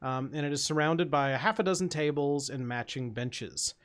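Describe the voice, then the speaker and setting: A man running a tabletop game as dungeon master, describing scenes in a loose, chatty way. His voice sits a little high for a man, and he fills pauses with plenty of ums and uhs. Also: a bit bright, clear, resonant tone. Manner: chatty, filler-heavy, laughing easily.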